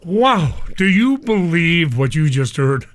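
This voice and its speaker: A man's voice: fairly high pitch, big pitch swings, takes it slowly, heavy background noise. An older man, a radio DJ, speaking live and emotionally to his listeners, whom he calls cousins.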